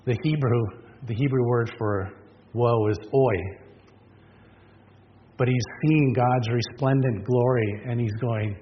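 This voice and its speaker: A man's voice: mid-range voice, measured pace. Man preaching in a reverberant hall. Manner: earnest, emphatic preaching with rhetorical questions. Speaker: pastor. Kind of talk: sermon. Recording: dull lo-fi sound with long reverb and faint noise.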